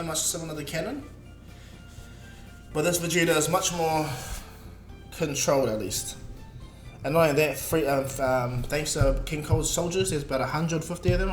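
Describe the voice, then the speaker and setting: A man's voice: a little high, roomy sound. Rambling man telling a fan story. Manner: rambling, filler-heavy, self-correcting. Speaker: video creator. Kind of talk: casual fan-fiction retelling.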